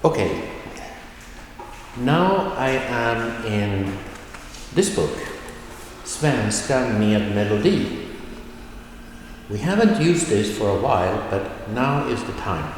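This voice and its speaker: A man teaching a recorded language lesson, explaining slowly and carefully and drawing out his model words. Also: fairly low pitch, very animated, very echoey, long reverb tail, a little hiss or hum, low-quality recording.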